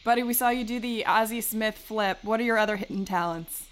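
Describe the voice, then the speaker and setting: A woman interviewer running a rapid-fire round of questions, upbeat and brisk. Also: a little high, clear, resonant tone.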